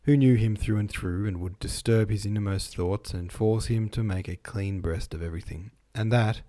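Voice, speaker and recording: A man giving a relaxed, informal reading of a classic novel, stumbling on long words and rereading them. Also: lowish voice, moderate pace. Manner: chatty asides between passages. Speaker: reader.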